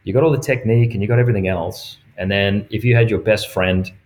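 Laid-back man, lowish voice. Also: quick pace. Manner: animated, acts out quoted dialogue, laughs often. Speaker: golf professional. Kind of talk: casual storytelling chat.

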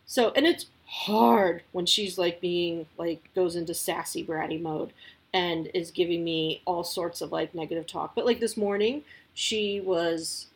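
Casting: breathy woman in her thirties, casual podcast host, rambling and friendly. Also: fairly low pitch, fairly even intonation, unhurried. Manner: chatty, lots of likes and you-knows. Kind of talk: casual advice talk.

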